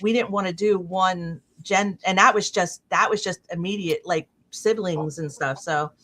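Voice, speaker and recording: A middle-aged woman hosting a casual chat stream, telling a long anecdote with fillers and lively quoted voices. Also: on the low side, normal speed. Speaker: stream host.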